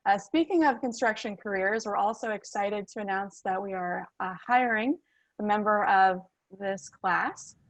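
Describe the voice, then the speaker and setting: A woman's voice: mid-range voice, moderate pace, no echo, poor audio. A woman making an announcement for her company, hesitant and full of filler words. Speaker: company representative. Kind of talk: announcement at online graduation. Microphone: video call.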